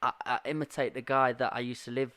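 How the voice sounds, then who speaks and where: A man's voice: mid-range voice, little pitch movement, fast, a bit bright. A man hosting a podcast in casual, enthusiastic chat. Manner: enthusiastic, chatty. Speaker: podcast host.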